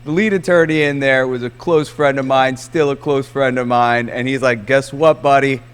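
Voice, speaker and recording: A man, a lawyer and podcast co-host, telling an excitable story in a casual chat. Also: medium pitch, normal speed, clear, resonant tone, long reverb tail. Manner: excitable, voice jumps up when quoting.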